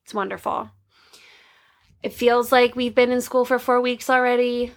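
A young woman with a fry-heavy, gravelly voice chats on a podcast, sitting a touch higher than most women. She tells everyday stories in a rambling, chatty way. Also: little pitch movement, moderate pace. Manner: chatty storytelling with laughs. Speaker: podcast co-host. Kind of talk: casual chat.

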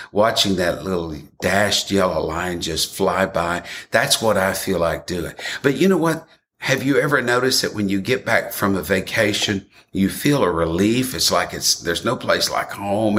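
A man delivers a sermon in an earnest, conversational way, addressing his congregation directly. His voice sits low but carries a bright, forceful edge. A faint noise runs under the recording. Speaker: pastor.

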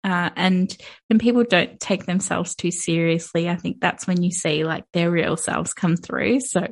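A woman co-hosting a podcast in casual chat, animated and giggly, with many fillers. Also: lowish voice, a little slow. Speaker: podcast co-host.

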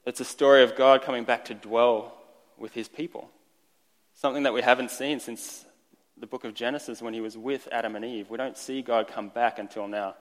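A man's voice: mid-range voice, fairly even intonation, fairly quick. Man preaching in a reverberant hall. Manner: conversational, lightly joking, with restarts. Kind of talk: sermon. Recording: long reverb of a large hall.

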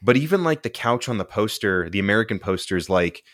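A man's voice: fairly low pitch, expressive, quick pace, fairly bright tone, dry recording, clean studio sound. A young man co-hosting a casual movie-review podcast, laid-back and rambling, full of "dude" and "like". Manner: laid-back, tangent-prone, says "dude" and "like" often. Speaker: podcast co-host.

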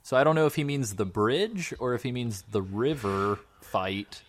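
A man's voice: medium pitch, expressive, normal speed, a little hiss or hum. A man co-hosting a podcast in casual chat, joking around and laughing often. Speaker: podcast co-host.

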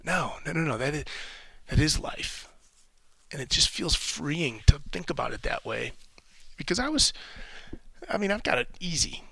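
Man, podcast host, veteran, gravelly, dry close sound, rambling candid musing. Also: fairly high pitch, big pitch swings, moderate pace, pauses often, a bit bright, no room sound. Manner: rambling, candid, curses casually. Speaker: military veteran. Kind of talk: casual reflective podcast monologue.

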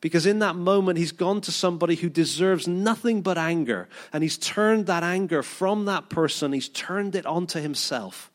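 A man's voice: sits high, moderate pace, hardly any pauses. A British man preaching a sermon, telling the story with energy, acting out the people he quotes and now and then tripping over repeated words.

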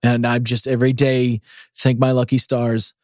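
A man's voice: medium pitch, level tone, moderate pace, a little mellow, dry recording, clean studio sound. A middle-aged man co-hosting a comedy podcast, chatting casually, swearing and joking. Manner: swearing, jokey, breaks into silly voices. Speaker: podcast co-host.

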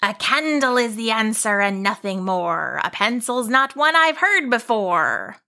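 A woman voicing a slow gruff leaf monster. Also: fairly high pitch, big pitch swings, pushed and bright, full character voice. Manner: slow, rhyming, old-fashioned speech. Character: rhyming male leaf monster, gruff and proud.

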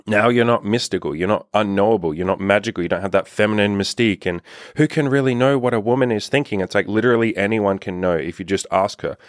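A man with a very low voice delivers dating advice in a loose, unscripted monologue. He talks bluntly, swears often and keeps dropping "like" between phrases. The sound is close and dry, with no room around it. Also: fast, no room sound. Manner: blunt, profane, lots of "like" fillers. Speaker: dating coach.

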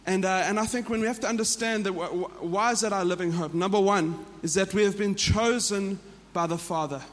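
A man's voice: high-pitched, brisk, in a large hall. A man with a South African accent, preaching a sermon to a church in an earnest way that often repeats and restarts phrases. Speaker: pastor.

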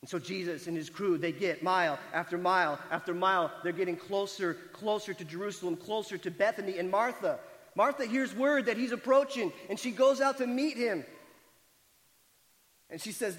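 Male pastor, high voice, dramatic sermon storytelling, loud bursts then hushed passages, long hall reverb. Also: normal speed.

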